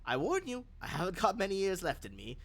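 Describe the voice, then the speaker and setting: A man voicing an elderly alien woman who is disdainful and sharp-tongued, in live tabletop role-play. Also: high voice, huge pitch swings, fairly quick, pitched above the performer's own voice, heavily acted. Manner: crisp and clipped, dry scorn.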